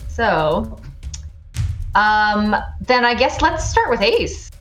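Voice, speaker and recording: Female game master: slow, filler-heavy scene narration over quiet music. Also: medium pitch, big pitch swings, roomy sound. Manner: halting narration with frequent fillers.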